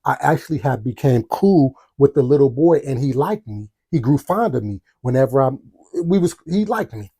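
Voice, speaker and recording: A man's voice: medium pitch, moderate pace, husky. A man hosting a storytelling podcast, telling a personal story animatedly and speaking straight to his listeners. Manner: animated, talks to the audience, acts out quotes. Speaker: podcast host.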